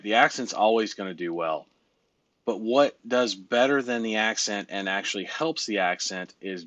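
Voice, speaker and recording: A man's voice: lowish voice, fairly bright tone, no room sound. A man coaching a client on a casual call, blunt and joking, swearing casually. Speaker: business coach.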